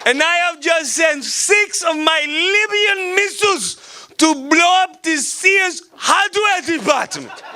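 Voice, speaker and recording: A man putting on the voice of a shouting, grandiose male dictator in a prank phone call during a stand-up set. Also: very high voice, voice pushed up, heavily acted. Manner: shouting, grandiose, laughing through it.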